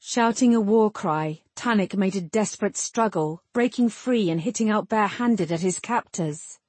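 A woman reading a fantasy novel aloud with steady, measured storytelling. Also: mid-range voice, husky, dry recording. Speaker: narrator. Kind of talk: audiobook fantasy narration.

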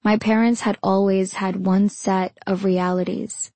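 A woman narrating her own memoir in the first person, in a measured, intimate storytelling manner. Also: medium pitch, little pitch movement, dark tone, no echo.

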